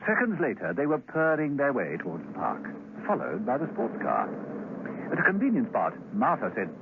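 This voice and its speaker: A man narrating a radio spy drama in wry, measured storytelling. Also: mid-range voice, huge pitch swings, vocal fry, background noise. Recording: tinny radio broadcast with music.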